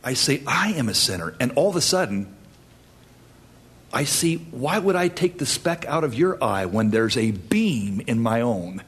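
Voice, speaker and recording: A man preaching a sermon, earnest, with dramatic pauses and rising emphasis. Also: mid-range voice, big pitch swings, fairly bright tone, husky. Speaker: pastor.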